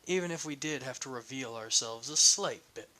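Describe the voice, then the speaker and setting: A man voicing a smug, scheming villain who talks in a calm, measured way. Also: medium pitch, close to an everyday voice, rough recording.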